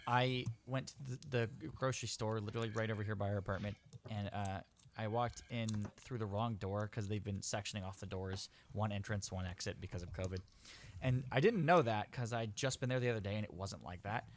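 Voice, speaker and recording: A man's voice: on the low side, a little hiss or hum. A man guest on a podcast, hesitant and self-deprecating, telling a small story over an online call. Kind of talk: casual chat.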